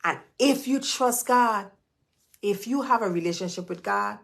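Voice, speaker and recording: Her voice is mid-range, creaky and fairly bright, and she talks a little slowly. As a business coach addressing her live audience directly, she preaches motivation with emphasis, hammering key lines by saying them two or three times.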